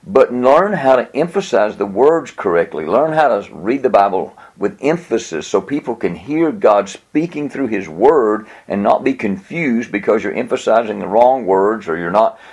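A man's voice: on the low side, lively intonation, normal speed, few pauses, darkish tone, slightly rough. A man giving an earnest, plain-spoken teaching talk on how to preach, with a chuckle now and then. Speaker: preaching instructor.

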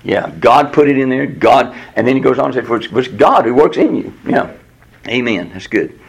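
A man teaching a Bible study in a lively, conversational way, often leaping high in pitch to voice God's replies. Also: normal speed, creaky, husky. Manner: animated, jumps to a high voice when quoting God. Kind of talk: Bible teaching with class discussion.

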